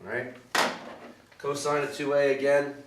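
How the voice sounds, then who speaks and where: A man's voice: on the high side, little pitch movement, moderate pace, distant mic. Casual male math teacher in echoey room. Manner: casual, repetitive "okay, all right" checks. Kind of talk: recorded math lesson walkthrough. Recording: echoey room, voice somewhat off-mic, clear background noise.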